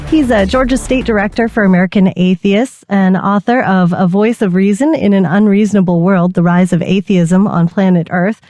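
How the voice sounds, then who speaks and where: A woman's voice: mid-range voice, darkish tone, no room sound, clean studio sound. Friendly woman podcast co-host. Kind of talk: casual interview.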